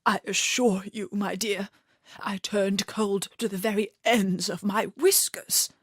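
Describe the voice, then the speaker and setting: A woman voicing the White King, a fussy, easily startled chess-piece king with huffy exclamations and hushed grumbling. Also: high voice, expressive, takes it slowly, dry recording, studio quality, pitched above the performer's own voice, full character voice.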